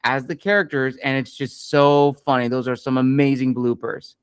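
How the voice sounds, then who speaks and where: A man's voice: mid-range voice, little pitch movement, moderate pace, smooth, no echo. A man hosting an interview, asking long, friendly questions with fillers. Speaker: interview host.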